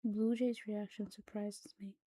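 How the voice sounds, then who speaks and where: Soft-spoken woman reading horror. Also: mid-range voice, level tone, measured pace, slightly rough, no room sound, rough recording. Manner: hushed, soft-spoken, drops to whispers. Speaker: narrator. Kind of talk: scripted horror story reading.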